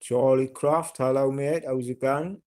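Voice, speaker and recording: A man with a thick Geordie accent talks slowly and unhurriedly to his livestream viewers. He is blunt and swears freely, his sentences wandering through fillers and false starts, at a middling pitch. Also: fairly even intonation, warm tone. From North East England. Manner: blunt, sweary, rambling with many fillers and restarts. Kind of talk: casual livestream chat.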